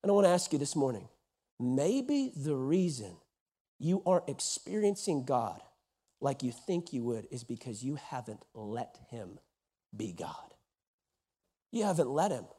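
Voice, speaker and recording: A man preaching a sermon from West Texas, swinging from loud lines to hushed ones. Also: mid-range voice, very animated, a little slow, long pauses, breathy edge. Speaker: pastor. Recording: church.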